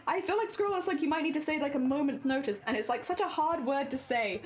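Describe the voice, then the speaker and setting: A woman's voice: high voice, lively intonation, fairly quick, few pauses. A young woman, chatting casually on a live stream, reading and answering chat with frequent laughs.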